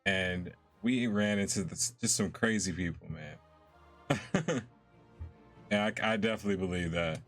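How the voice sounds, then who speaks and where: Young male streamer, low and easygoing, chatty with lots of laughs, game music faint underneath. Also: unhurried. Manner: relaxed, chatty, laughs often. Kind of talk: casual live-stream chat while gaming.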